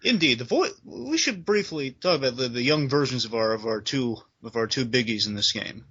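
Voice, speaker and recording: Rambling bright-voiced man on a lo-fi mic. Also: medium pitch, animated, brisk, slightly rough. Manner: rambling, full of hedges like "kinda" and "you know". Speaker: co-host of a game review discussion. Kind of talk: casual chat.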